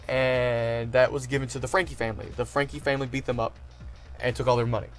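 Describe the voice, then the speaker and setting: A man casually recapping an anime arc as a reviewer, rambling with lots of "like" and "um" and gushing with fan excitement. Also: mid-range voice, quick pace, faint music behind. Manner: rambling, heavy on fillers and "like". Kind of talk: casual retrospective chat.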